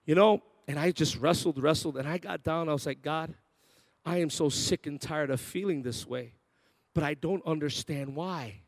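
A man preaching a sermon built around a personal story, swinging between loud bursts and quiet, intimate asides, and acting out the voices of people in his story. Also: on the high side, normal speed, dry recording.

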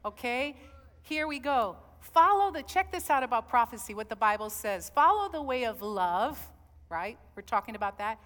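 A woman preaching a sermon, swinging from loud calls to soft, intimate asides. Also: fairly high pitch. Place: church. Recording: long hall reverb.

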